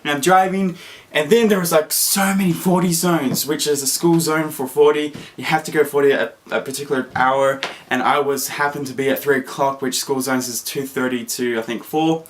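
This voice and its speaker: Animated young Australian man telling a story. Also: moderate pace, slight background noise. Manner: animated, acts out quotes with sudden high squeaky jumps. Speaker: vlogger. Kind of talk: casual storytelling to camera.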